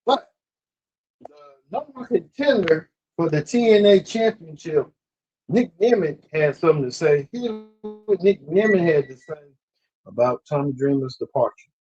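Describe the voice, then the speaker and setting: A man's voice: on the high side, expressive, normal speed, mellow, faint music behind. A male show host giving loose, offhand commentary that introduces clips. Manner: loose, offhand, rough phrasing. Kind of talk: casual commentary. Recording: dull lo-fi mic with faint noise.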